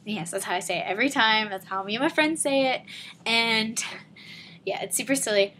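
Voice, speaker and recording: A seventeen-year-old girl rambling and giggling in an excited fan vlog from her living room. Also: a little high, a little fast, slight background noise. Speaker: vlogger.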